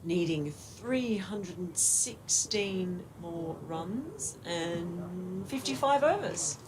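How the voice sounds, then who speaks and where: A woman's voice: lowish voice, lively intonation, extremely slow, noisy background. A young woman giving friendly, conversational live cricket commentary. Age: young adult. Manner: friendly, conversational, warmly appreciative.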